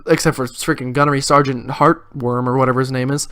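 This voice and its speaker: A man's voice: medium pitch, level tone, fast, fairly bright tone, clear, resonant tone. A man hosting a let's play, reading game dialogue aloud and making goofy, sarcastic jokes. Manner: goofy, sarcastic, joking asides.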